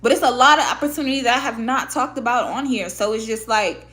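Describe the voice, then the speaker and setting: A woman's voice: on the high side, quick pace. A woman from Michigan, talking candidly and with plenty of swearing as she vlogs to camera. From Michigan, USA. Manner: candid, profane, expressive. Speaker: vlogger and podcaster. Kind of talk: casual talk to camera. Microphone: own microphone at a desk setup.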